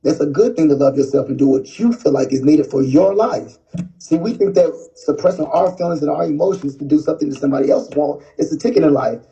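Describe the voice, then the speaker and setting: A man speaks in a gravelly, mellow voice, calm and earnest. The dull, lo-fi audio sounds like it was replayed from a clip. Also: on the high side, quick pace. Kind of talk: explaining his views in a talk clip.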